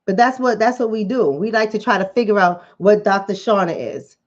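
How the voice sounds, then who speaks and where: A woman's voice: mid-range voice, brisk. A woman with a Bronx accent giving a blunt, fired-up vlog monologue as a commentator and coach. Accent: New York, Bronx. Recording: slightly dull lo-fi audio.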